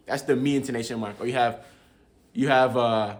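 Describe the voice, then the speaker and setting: A man's voice: mid-range voice, fairly even intonation, normal speed. A young man casually explaining tones to his viewers in a laid-back, chatty way, often chuckling and calling them bro. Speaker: language learner teaching viewers.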